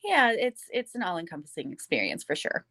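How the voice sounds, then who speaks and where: A woman's voice: fairly low pitch, wildly swooping pitch, fairly quick, bright, forceful tone, dry recording. A woman who owns a cat cafe, a guest on a podcast, talking in an upbeat, enthusiastic way. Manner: upbeat, enthusiastic, laughs easily. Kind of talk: casual podcast interview.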